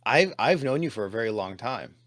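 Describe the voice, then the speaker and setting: A man's voice: medium pitch, animated, fairly quick, a bit bright. A man co-hosting a podcast, questioning and teasing in casual chat. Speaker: podcast co-host.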